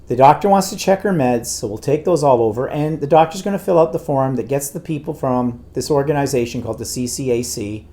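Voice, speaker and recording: A man's voice: mid-range voice, fairly quick, few pauses, mellow. Rambling man telling a story. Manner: rambling anecdotal storyteller, exasperated. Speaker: co-host. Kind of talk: casual chat.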